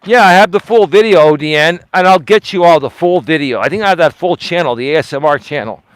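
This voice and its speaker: Man, live-stream host, emphatic, defensive, repeats himself, fairly high voice, dry close sound. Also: fast talker, no room sound. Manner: talks straight to chat, asks pointed questions. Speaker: livestream host. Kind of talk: casual live-stream commentary.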